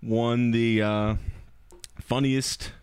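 A man's voice: mid-range voice, steady tone, drawn-out words, a crowd in the background. A man co-hosting a podcast, a comedian telling self-mocking stories in a rambling way. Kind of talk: casual podcast banter.

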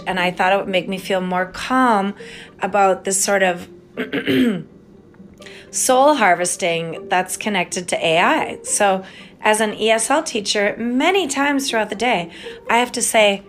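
A woman's voice: mid-range voice, fairly bright tone. An American woman hosting a podcast, rambling in a casual monologue, spelling words out, swearing and trailing off mid-thought. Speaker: podcast host.

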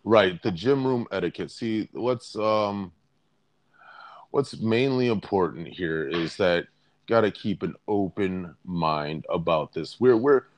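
A man's voice: sits low, no room sound. A man co-hosting a podcast in a jokey casual rant, playful and often repeating words as he searches for them. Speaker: podcast co-host.

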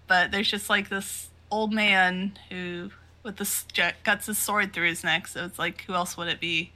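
Woman co-host, bright voice, casual recap, quick to laugh, acts out lines. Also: lowish voice, fairly even intonation. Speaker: podcast co-host. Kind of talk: casual chat recapping a manga.

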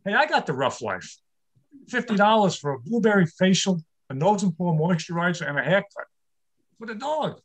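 A man's voice: high-pitched, lively intonation, a little fast. An older man performing a stand-up comedy set, telling wry, self-deprecating jokes about his marriage.

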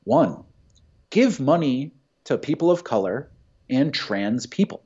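A man's voice: medium pitch, big pitch swings, slow pace, mellow, husky. A man talking bluntly and with heavy swearing in a casual opinionated chat. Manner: blunt, profane and emphatic. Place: Santa Monica. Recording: dull lo-fi sound.

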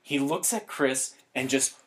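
A man's voice: mid-range voice, a little slow, husky. A young man telling rambling, profane stories in casual chat, full of fillers and restarts.

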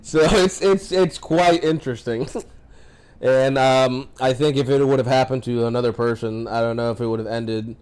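A man's voice: medium pitch, fairly even intonation, moderate pace, darkish tone, smooth. A firefighter paramedic man telling work stories in a casual interview, blunt and heavy on profanity.

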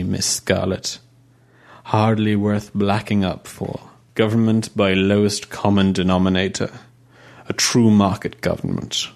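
A man voicing a weary old male assassin, speaking slowly and haltingly in a mournful way. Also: on the low side. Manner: slow, halting, mournful delivery.

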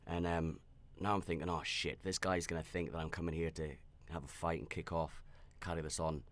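A man with a very deep voice tells a personal story on his own podcast. He talks candidly and reflectively, often restarting his sentences and filling pauses as he rambles. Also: little pitch movement. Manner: reflective and self-aware. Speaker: podcast host.

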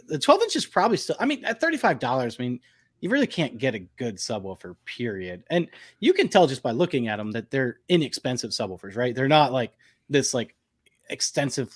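A man co-hosts a live podcast in a relaxed, easygoing way. He banters lightly and gives his opinions in plain, conversational speech. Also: medium pitch. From northern United States. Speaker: podcast co-host. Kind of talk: casual live-stream chat.

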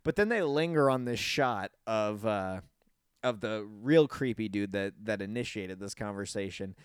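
A man hosting a podcast in casual chat, animated and swearing, jumping into high squeaky voices to mimic people. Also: moderate pace, clear, resonant tone, no echo, clean studio sound. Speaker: podcast host.

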